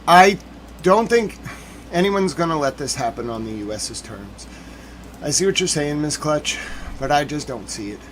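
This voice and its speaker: A man's voice: a little high, lively intonation, normal speed. A man talks his live audience through breaking reports, greeting viewers in chat. He often repeats himself in an uneasy tone. A faint hum sits behind his voice. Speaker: livestream news commentary host.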